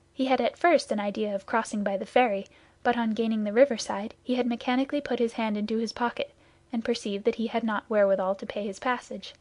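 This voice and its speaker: A woman reading a classic novel aloud in steady, measured scripted narration on a close mic. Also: fairly high pitch, no echo. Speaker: audiobook reader.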